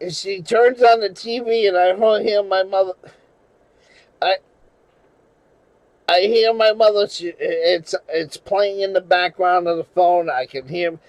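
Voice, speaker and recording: Man from New England, slow rambling storyteller, high-pitched, swears and restarts, dry close sound. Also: dry recording, low-quality recording. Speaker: channel host. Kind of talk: casual storytelling monologue.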